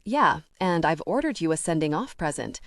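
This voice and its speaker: A woman's voice: low-pitched, very animated, normal speed, no room sound, studio quality. A woman reading a curt male crime lord. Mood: clipped. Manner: clipped, curt. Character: male British crime lord, cold and clipped.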